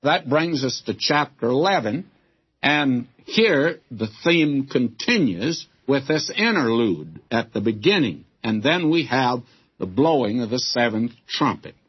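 A man's voice: medium pitch, sing-song, unhurried, breathy edge. Older guy preaching on the bible, folksy, calls everyone friends, dull lo-fi old recording. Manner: folksy, emphatic, addresses listeners as friends. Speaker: Bible teacher. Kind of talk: radio Bible teaching.

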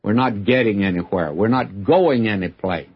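A man's voice: on the low side, normal speed, slightly rough, highs cut off. A man teaching through a book of the Bible in a folksy, earnest sermon, speaking directly to his listeners.

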